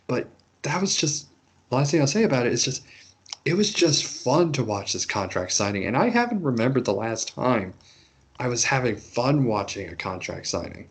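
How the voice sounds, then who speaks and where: A man co-hosting a casual wrestling chat, animated and acting out quotes. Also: medium pitch, moderate pace, slightly rough. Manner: animated, acts out quotes in raised voices. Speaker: podcast co-host.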